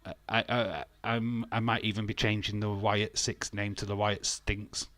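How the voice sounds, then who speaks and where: A man's voice: fairly low pitch, flat delivery, measured pace, a bit bright, no echo. A man hosting a wrestling watch-along stream, ranting bluntly in casual talk, swearing freely and laughing often.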